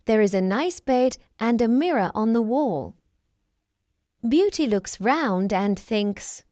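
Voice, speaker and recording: Female narrator for a graded reader; clear, deliberate, slightly high. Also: lively intonation, dark tone, dry recording. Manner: clear, deliberate reading for learners.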